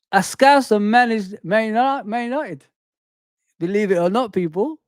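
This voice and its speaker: A man's voice: sits high, no echo, studio quality. A middle-aged man hosting a casual live stream, reading the chat aloud and answering it, often repeating his phrases. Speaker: host.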